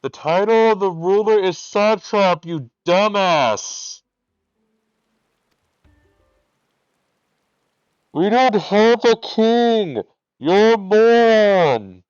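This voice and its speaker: A man's voice: sits high, animated, takes it slowly, darkish tone, clean tone, no room sound, muffled recording, voice pushed up. A man voicing a rude heckler in a crowd, jeering and insulting. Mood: mocking.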